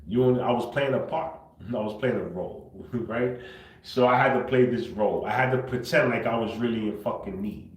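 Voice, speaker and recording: Guy ranting on a livestream, keeps repeating himself, drops low then gets loud, roomy echo. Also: normal speed. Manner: confrontational, repetitive, swings between muttering and loud outbursts. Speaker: livestream host. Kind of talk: unscripted livestream rant.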